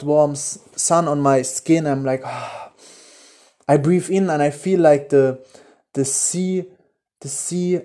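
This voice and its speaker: A man with a German accent hosting a motivational podcast, enthusiastic and casual with his swearing, often dropping to a hushed voice as he walks through a guided visualization. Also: on the high side. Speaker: podcast host.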